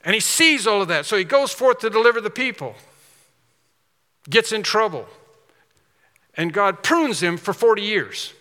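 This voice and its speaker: A man preaching a sermon, telling a story in an animated way and then closing earnestly toward prayer. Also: high voice, normal speed, pauses often, long reverb tail. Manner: animated storytelling, shifts to soft earnest close.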